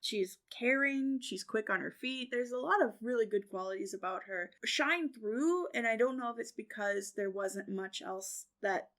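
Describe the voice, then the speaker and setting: A woman guest on a book podcast, animated and quick, laughing easily. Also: fairly high pitch. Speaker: guest reader. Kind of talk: casual book discussion.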